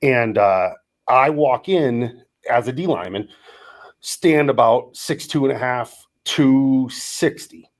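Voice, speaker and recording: A man around fifty from Wisconsin, co-hosting a podcast and telling stories in a casual, animated way, acting out the dialogue as he goes. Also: mid-range voice, takes it slowly. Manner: animated storyteller, acts out quoted dialogue. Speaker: podcast co-host, former college lineman. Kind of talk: casual storytelling chat.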